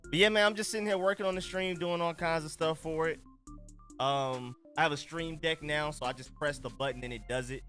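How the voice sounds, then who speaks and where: A man's voice: a little high, fairly even intonation, fairly quick, a bit bright. A man hosting a casual live stream, chatting in a laid-back, slangy way while he adjusts his settings. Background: faint music.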